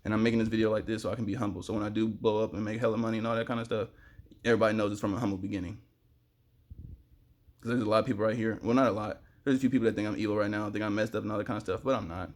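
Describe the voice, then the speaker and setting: A young man with a fairly low voice rambles fast and preachy straight to the camera, talking about spiritual matters. He sweats in the heat and bursts out loud now and then. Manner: fast, excitable, preachy, sudden loud outbursts.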